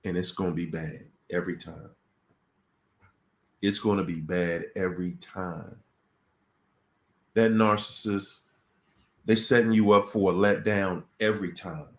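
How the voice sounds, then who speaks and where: With a deep, steady voice, a measured pace and frequent pauses, a man runs a relationship-themed livestream Q&A. He's casual and conversational but dramatic, repeating phrases for emphasis and performing the voices in dialogue he quotes.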